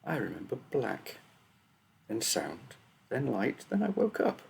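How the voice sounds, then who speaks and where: A man voicing a frail fifteen-year-old girl just woken from a coma, speaking haltingly and unsure. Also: mid-range voice, wildly swooping pitch, vocal fry, a little mellow, husky, voice pushed up, heavily acted. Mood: searching. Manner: halting, uncertain, stammering.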